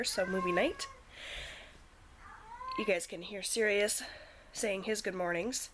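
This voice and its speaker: A woman's voice: medium pitch, steady tone, slow pace, long pauses. A woman in her thirties, a mother, chatting casually to camera in her home kitchen with lots of ums. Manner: chatty, rambling, frequent ums. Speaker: vlogger, mother. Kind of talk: casual vlog talk to camera. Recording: noisy home video recording.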